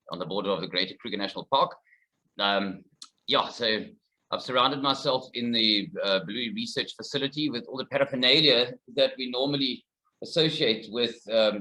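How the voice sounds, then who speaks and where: A man from South Africa giving a fast, informal conference presentation from a research facility. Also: medium pitch, sharp tone, poor audio. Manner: quick, informal, slightly rushed. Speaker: conservationist presenter.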